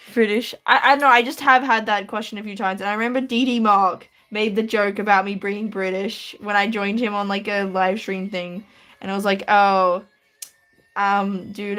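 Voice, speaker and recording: With a mid-range, slightly bright voice and an Australian accent, a woman chats casually with her viewers while drawing on a live stream from her room. She laughs lightly as she answers.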